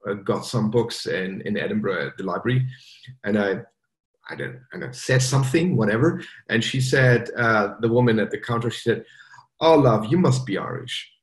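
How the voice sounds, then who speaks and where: A German man with a German accent, chatting casually as a podcast guest, relaxed and hesitant with many fillers. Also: on the low side, moderate pace, roomy sound. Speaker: guest developer. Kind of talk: casual interview chat.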